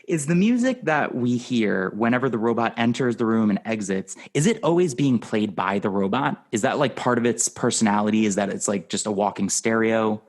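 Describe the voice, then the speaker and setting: A man hosting a podcast in casual movie talk, animated and acting out quotes with laughs. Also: lowish voice, fairly quick, few pauses. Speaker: podcast host.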